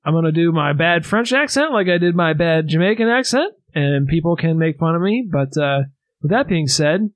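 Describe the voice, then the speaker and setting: A man's voice: fairly high pitch, lively intonation, normal speed, no echo. A man hosting a casual sauce-tasting podcast, joking and swearing freely as he chats with friends. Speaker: podcast host. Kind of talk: casual chat.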